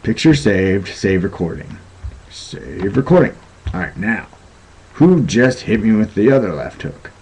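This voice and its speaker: A man's voice: lowish voice, very animated, a little slow, darkish tone, husky. A man hosting a casual live stream, joking and talking to himself.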